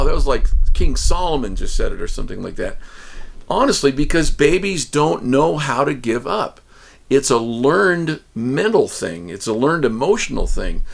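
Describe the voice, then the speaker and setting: A man's voice: medium pitch, lively intonation, normal speed, gravelly. A man teaching ukulele to other teachers, telling folksy classroom stories, acting out the children's replies and counting strum rhythms aloud.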